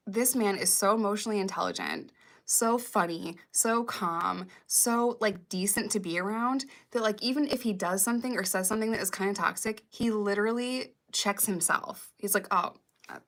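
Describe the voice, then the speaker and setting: This woman in her thirties talks with a gravelly, creaky edge at an ordinary middle pitch. She chats casually on a livestream, reading comments and answering them with candid, rambling, swear-heavy talk. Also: a bit bright.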